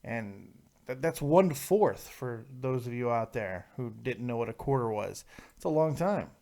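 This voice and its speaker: A man's voice: mid-range voice, animated, normal speed, vocal fry, mellow. A man hosting a live call-in review show, talking in a brash, profane, mocking way as he answers chat comments. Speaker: show host reviewing wrestling.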